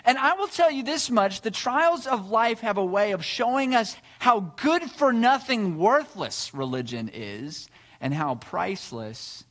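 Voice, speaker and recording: A man's voice: high-pitched, lively intonation, unhurried, a bit bright. A male pastor preaching a sermon, telling a story with earnest rhetorical questions.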